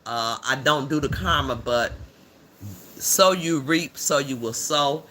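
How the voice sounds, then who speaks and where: A man voicing a blunt, rough-edged older woman who hosts a livestream and gives preachy commentary in a drawling, slang-filled way. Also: medium pitch, slow pace, sharp tone, a little hiss or hum. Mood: scornful. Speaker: livestream host.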